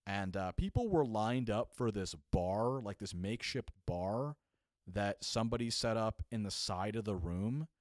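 A man's voice: lowish voice, measured pace, no echo, studio quality. A young man telling a funny story casually, acting out the people in it with lots of fillers. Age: young adult. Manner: animated, acts out voices, casual filler. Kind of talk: comedic storytelling.

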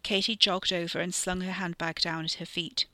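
A podcast storyteller reading a horror story in a steady, measured way, sometimes dropping into a whisper. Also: mid-range voice, no room sound. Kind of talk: scripted narration of a horror story.

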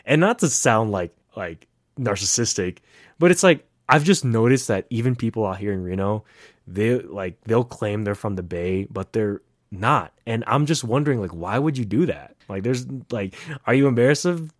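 Lively young man telling stories. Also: lowish voice, moderate pace, no room sound, studio quality. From San Francisco Bay Area. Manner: animated storyteller, heavy use of "like". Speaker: podcast co-host. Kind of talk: casual chat.

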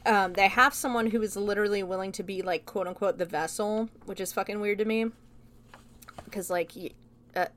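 A woman's voice: medium pitch, steady tone, brisk, fairly bright tone, slight background noise. A young adult woman giving a casual, chatty film review, retelling scenes loosely with swearing and laughter.

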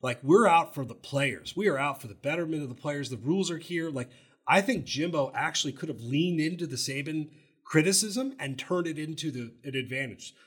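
A man's voice: on the high side, breathy edge. A man co-hosting a sports podcast, talking loosely and animatedly about college football. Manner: animated, loose, fast talking with many restarts. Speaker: podcast co-host. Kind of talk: casual sports talk.

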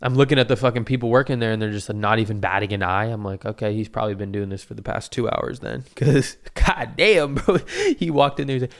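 A man's voice: on the low side, fast talker, hardly any pauses. A young man telling a story in a rambling, profane and slangy way. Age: young adult. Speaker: vlogger. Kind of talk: casual storytelling.

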